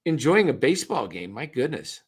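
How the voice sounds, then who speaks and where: Having been at the ballpark for the game, this podcast co-host now talks on a laid-back postgame stream, drifting between points and frequently starting sentences over. He speaks briskly in a sing-song, medium-pitched voice with a breathy edge.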